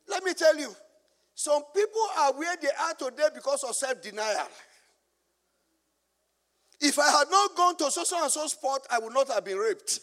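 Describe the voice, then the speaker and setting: Nigerian pastor, very high pitch, sermon with call-and-response and humor, big reverberant hall. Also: male voice, expressive, moderate pace, long pauses, a bit bright. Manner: call-and-response preaching, asking the congregation to finish his lines; storytelling with humor.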